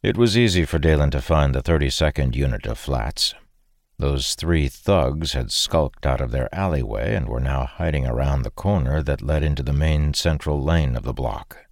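A man with a very low voice narrates a fantasy novel in a steady, measured way. The recording is close and completely dry, with no room sound. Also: dry recording. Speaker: audiobook narrator.

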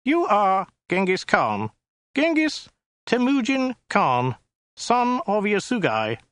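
A man's voice: high-pitched, wildly swooping pitch, takes it slowly, fairly bright tone, dry recording, pitched above the performer's own voice, full character voice. A man reading an audiobook voices a small, weaselly, pedantic male alien with a prim, fussy, officious manner. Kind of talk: audiobook character voice.

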